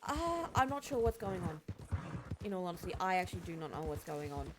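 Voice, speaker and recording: A woman streamer chats loosely to her viewers as she plays. Her voice sits a little low, and she rambles from one game story to the next. Steady noise and clopping hooves run under her voice. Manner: chatty, rambling, recounts scenes with quick voice changes. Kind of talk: casual chat to stream viewers while gaming.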